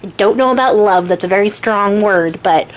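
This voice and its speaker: A woman's voice: medium pitch, normal speed, lightly acted, low-quality recording. A woman voicing a spoiled young adult princess who talks in an exasperated, over-the-top way.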